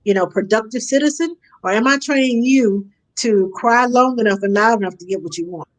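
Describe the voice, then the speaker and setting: Animated woman giving nanny advice. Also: fairly high pitch. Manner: animated, acts out parents and kids in quick asides. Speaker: nanny guest. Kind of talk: casual advice conversation.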